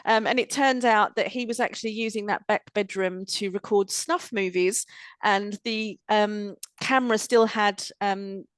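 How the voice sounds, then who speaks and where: A woman's voice: mid-range voice, steady tone, unhurried, clear, resonant tone, no room sound. A woman hosting a property chat, telling a story in a plain, matter-of-fact way. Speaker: host, property professional. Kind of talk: casual anecdote telling.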